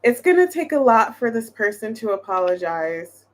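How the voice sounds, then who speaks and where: A woman's voice: fairly high pitch, big pitch swings, moderate pace. A woman giving a casual tarot reading to her viewers, thinking aloud in a chatty way with lots of restarts. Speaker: tarot reader.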